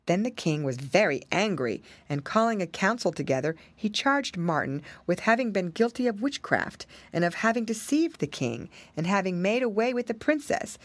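A woman reading a fairy tale aloud in an expressive, measured storybook style. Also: lowish voice, no echo. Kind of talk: storybook narration.

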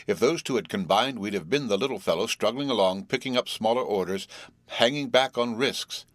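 Guy voicing a boozy cheerful businessman, stubborn and coaxing, lowish voice, dry sound. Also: fairly quick, fairly bright tone, no room sound, close to an everyday voice. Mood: hearty. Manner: hearty, coaxing, obstinate. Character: jovial middle-aged businessman, tipsy and pushy.

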